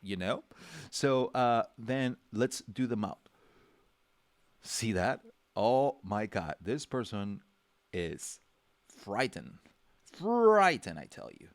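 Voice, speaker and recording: A man's voice: on the low side, slow, pauses often, dry recording. A man leading a livestream drawing lesson, rambling and chatty with many fillers and restarts, acting out little reactions. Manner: acts out characters' reactions with small voices. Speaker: drawing instructor.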